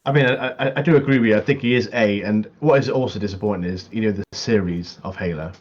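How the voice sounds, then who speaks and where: A husky, low-voiced man chats about games on a podcast, laughing a lot as he acts out scenes. His voice comes through a dull, lo-fi mic. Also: fast talker. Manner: laughs often, animated retellings. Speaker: podcast co-host. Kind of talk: casual gaming chat.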